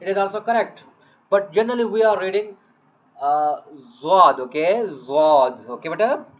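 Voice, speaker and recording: A Quran reading teacher, slowly drilling Arabic letters with a child, repeating each sound patiently and checking in with "okay, beta". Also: mid-range voice. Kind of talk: slow letter-by-letter lesson to a child. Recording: dull lo-fi audio.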